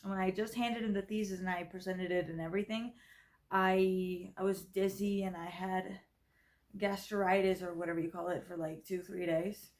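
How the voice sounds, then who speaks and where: A woman's voice: mid-range voice, fairly even intonation, moderate pace, darkish tone. A young woman in her twenties talks through a personal story in a casual vlog. She sounds tired and rambles, stacking up fillers and correcting herself mid-sentence. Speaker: vlogger. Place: grandmother's house.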